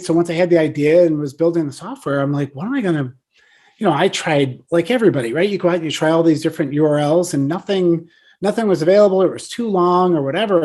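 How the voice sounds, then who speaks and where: A man's voice: on the high side, a little mellow. A man in his forties, a guest on a podcast interview, talking casually and telling stories with lots of "you know" and "right?". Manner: chatty storyteller, frequent "you know" and "right?". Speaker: guest, software founder.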